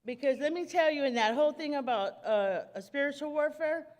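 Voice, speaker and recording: A nervous woman giving a spoken testimony at a church service, talking in casual street slang with many halting restarts. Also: sits high, long reverb tail.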